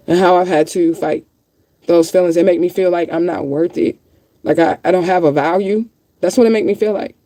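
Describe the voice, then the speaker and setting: An upset woman ranting on a livestream, close to tears and blunt, swearing freely and hammering the same phrases again and again. Her voice is mellow and warm in tone. The sound is dry and close, picked up by a phone or webcam mic. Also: fairly low pitch, no room sound. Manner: blunt, profane, repeats herself insistently. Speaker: livestreaming vlogger. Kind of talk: emotional livestream rant to viewers.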